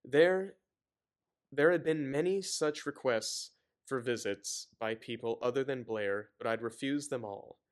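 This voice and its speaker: A man's voice: medium pitch, measured pace. A man casually reading a novel aloud and breaking off for exasperated, sarcastic commentary, stumbling and rambling as he goes. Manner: exasperated, sarcastic asides between read passages; loose, rambling, stumbles over words.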